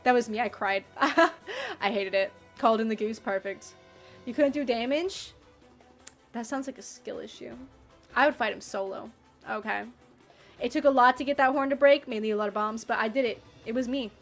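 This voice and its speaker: A playful woman chats casually with her livestream audience, her voice sitting a little high. She bounces between mock outrage and easy laughter as she reacts to viewers. Faint music plays behind her. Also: normal speed. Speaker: streamer reading chat.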